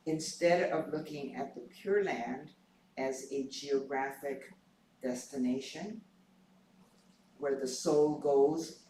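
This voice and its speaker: Hoarse man reflecting slowly in echoey temple. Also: mid-range voice, a little hiss or hum. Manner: halting, many pauses and fillers. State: hoarse, clearing his throat. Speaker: temple board member sharing a reflection. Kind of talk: informal dharma reflection. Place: temple hall. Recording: echoey hall, mic far off.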